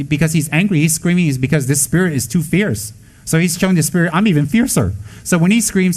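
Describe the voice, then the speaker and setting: A man giving a Buddhist dharma talk to students, blunt and scolding, with joking asides and quick acted-out quotes. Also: a little high, a little mellow, poor audio. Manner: acts out quoted voices. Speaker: Buddhist teacher.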